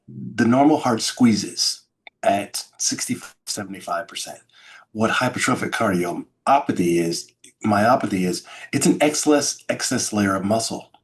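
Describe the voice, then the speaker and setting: A middle-aged man telling his story as an interview guest, acting out sounds and quoted lines with dramatic flair. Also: lowish voice. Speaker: podcast guest, keynote speaker.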